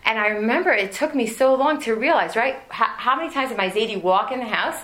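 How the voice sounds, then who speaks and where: Woman teaching a lively class. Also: on the high side, fairly quick, hardly any pauses. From United States. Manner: humorous storytelling, animated, many asides. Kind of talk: religious lesson to an audience.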